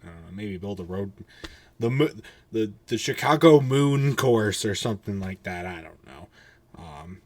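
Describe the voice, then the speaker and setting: A rather low-voiced man hosts a casual podcast into a microphone. He sounds tired, with occasional yawns, and rambles loosely, swearing offhandedly and restarting his sentences as he goes. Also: expressive, a little slow. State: tired, yawning. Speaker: podcast host.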